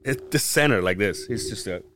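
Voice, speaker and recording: A man's voice: lowish voice, a little fast, slight background noise. A man on a podcast telling a story in casual chat, swearing freely and acting out what people said. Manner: animated, profane, acts out quotes. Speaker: podcast host.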